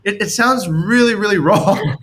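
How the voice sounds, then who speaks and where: A man's voice: high-pitched, normal speed, a bit bright. A man leading a team session, coaching on leadership in a rambling, anecdotal way and chuckling as he explains.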